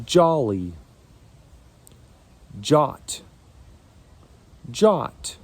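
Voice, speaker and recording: Slow, husky man drilling words. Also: a little high, very animated, darkish tone. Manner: says each word twice, carefully. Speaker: pronunciation teacher. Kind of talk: slow, deliberate word drills.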